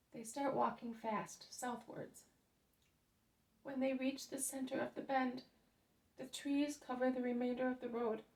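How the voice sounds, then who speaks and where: A woman reading a devotional book aloud as narrator, in a steady reading manner. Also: on the high side, creaky. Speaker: reader. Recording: roomy echo, mic at a distance.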